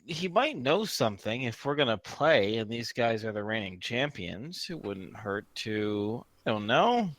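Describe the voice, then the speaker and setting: A man's voice: medium pitch, very animated, unhurried, few pauses, fairly bright tone, no echo. A man playing an easygoing adventurer. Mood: persuasive. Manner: casual, easygoing. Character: adult man adventurer, calm, persuasive.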